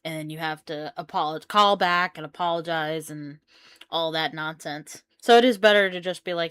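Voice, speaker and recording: A woman's voice: low-pitched, normal speed, a bit bright, clean tone, no echo. A woman giving chatty, joking commentary while playing a video game. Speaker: gamer. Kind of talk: casual gameplay commentary.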